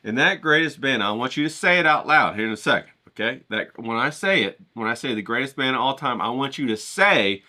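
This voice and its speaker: A man's voice: mid-range voice, expressive, a little fast, few pauses, bright, forceful tone. A man vlogging to camera, joking and rambling, talking straight to his viewers and swearing freely. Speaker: painter and vlogger. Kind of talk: casual talk to camera.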